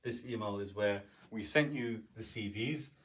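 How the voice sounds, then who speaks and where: A man with a lowish, slightly bright voice speaks a little slowly. He's a business coach giving an instructional talk conversationally, constantly checking in with "right?"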